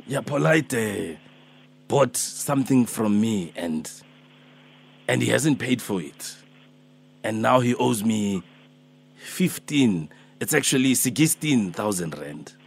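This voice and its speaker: A man's voice: on the low side, expressive, slow, vocal fry, pauses often, slightly rough, heavily acted. A man voicing a fussy, pleading elderly man who chases a debt in a prank phone call, rambling and hesitant. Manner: rambling, hesitant, calls her Mama and my darling.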